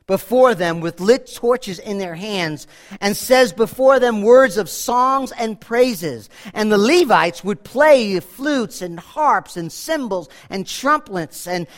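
A man preaching a sermon, animated, slowing down for quotations and often repeating and restarting his phrases. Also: high voice. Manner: animated, dramatic swings in volume, slows for quotations.

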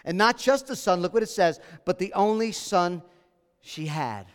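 A man's voice: sits high, expressive, moderate pace, clean tone, long reverb tail. A man preaching a sermon as pastor, earnest and emphatic, repeating his key phrases.

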